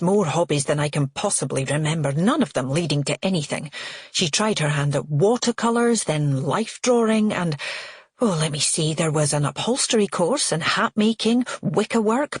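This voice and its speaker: A woman's voice: sits low, expressive, normal speed, slightly rough, no echo, clean studio sound. A woman doing a bitter, sneering aunt. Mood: scornful. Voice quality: sneering, contemptuous. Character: disapproving older aunt, bitter and scornful.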